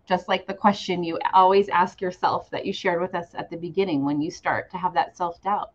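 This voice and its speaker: A woman in her forties hosts a casual interview, speaking a little fast with few pauses in a fairly low, steady voice. She encourages her guest with warm affirmations, and the audio is slightly dull and lo-fi.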